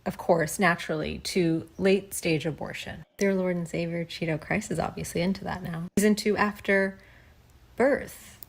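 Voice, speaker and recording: A woman's voice: on the low side, fairly even intonation, moderate pace, vocal fry, slightly rough. A woman in a casual podcast chat, talking in a sarcastic, mocking way.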